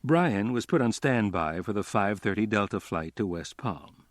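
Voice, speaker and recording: Male narrator, low pitch, dry booth sound, understated crime read. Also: expressive, moderate pace, no room sound. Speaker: audiobook narrator. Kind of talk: scripted narration.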